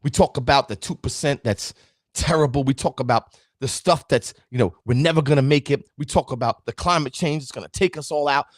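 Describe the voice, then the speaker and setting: A man hosting a motivational talk show, speaking straight to his audience with a preachy, animated delivery. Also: medium pitch, brisk, dry recording, clean studio sound. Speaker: motivational show host and town councilman.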